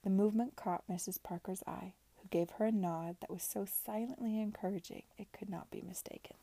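A woman reading a novel aloud in a gentle, unvoiced whisper, a whispered role-play, with small voice changes for the characters. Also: medium pitch, steady tone, a little fast, vocal fry, husky, dry recording. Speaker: reader.

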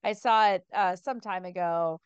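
A woman's voice: on the low side, moderate pace, clean tone, dry recording, muffled recording. A woman co-hosting a podcast, chatting casually with blunt, sarcastic opinions and heavy swearing. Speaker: podcast co-host. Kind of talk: casual chat.

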